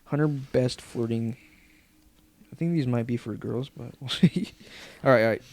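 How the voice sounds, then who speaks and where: A man's voice: medium pitch, unhurried, gravelly. A young man hosting a podcast in casual chat, laid-back, laughing often and swearing freely. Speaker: podcast host.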